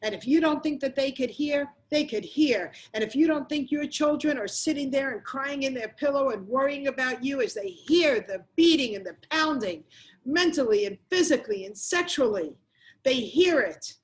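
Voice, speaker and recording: Woman, middle-aged, motivational speaker, emphatic, repetitive, somewhat high voice. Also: expressive, normal speed. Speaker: motivational speaker on domestic violence. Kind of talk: motivational address to camera.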